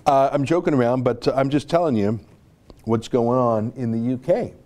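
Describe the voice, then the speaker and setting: A man's voice: mid-range voice, normal speed, darkish tone. A man from North America hosting an online show, giving rambling, sarcastic casual commentary with many asides.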